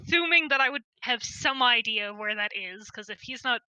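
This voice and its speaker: A woman's voice: a little high, expressive, fairly quick, sharp tone, clean tone, dry recording, highs cut off. A woman player in a tabletop game describing her character's actions in the first person.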